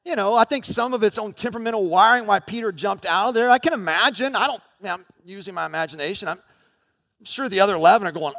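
A man preaching a sermon as pastor, animated, emphatic and conversational. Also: high voice, fast, gravelly, in a large hall.

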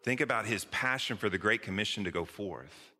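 A man preaching a sermon with an easy, conversational warmth and playful asides. His lowish voice has a bright, forceful edge. It rings out through a large church hall with a long reverb tail. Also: brisk. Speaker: pastor. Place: church sanctuary.

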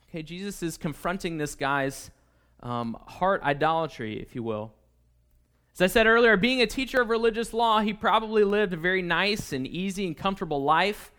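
A man's voice: high voice, fairly bright tone. A man preaching a sermon in a conversational way, checking in with the listeners often. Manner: conversational, with frequent "okay?" and "right?".

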